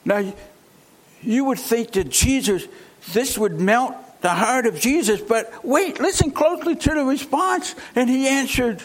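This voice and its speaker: A man's voice: very high voice, lively intonation, measured pace. A man preaching a sermon, emphatic and fond of rhetorical questions.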